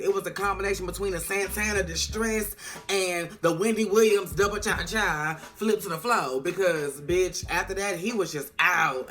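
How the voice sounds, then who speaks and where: A vlogger retelling a TV episode in casual chat, animated and full of slang and swearing. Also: medium pitch. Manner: animated, profane, slang-heavy storytelling. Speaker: TV recap vlogger.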